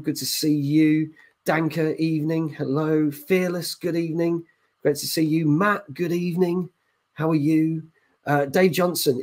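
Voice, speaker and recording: A man's voice: fairly high pitch, slightly rough. A middle-aged man hosting a live gaming chat stream from a hotel room, keeping his voice down while greeting viewers and reading their messages. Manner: deliberately quiet, chatty, reading out chat messages. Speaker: gaming podcast host.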